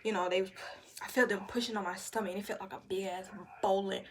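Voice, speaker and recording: A woman's voice: medium pitch, quick pace, a little hiss or hum. A young woman casually telling her birth story to the camera, candid and profane, acting out what others said. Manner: candid, profane, animated retelling with quoted voices.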